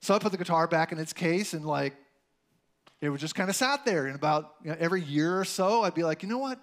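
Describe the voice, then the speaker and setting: Male preacher, high voice, loose storytelling delivery, filler-heavy, conversational sermon. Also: quick pace. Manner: chatty, storytelling, lots of "like" and "you know". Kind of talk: casual sermon with personal stories.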